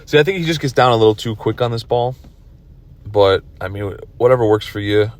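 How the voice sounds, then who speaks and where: Sitting in his car, a tired man yawns his way through casual video commentary on his own pool match. His voice runs on the low side and he talks briskly, rambling and criticizing himself.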